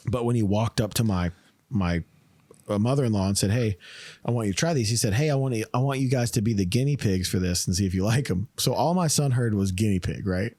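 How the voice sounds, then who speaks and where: A man's voice: on the low side, fairly quick, no room sound. A man hosting a podcast, telling stories in casual chat, swearing and laughing often. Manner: animated, profane storyteller who laughs often. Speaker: podcast host.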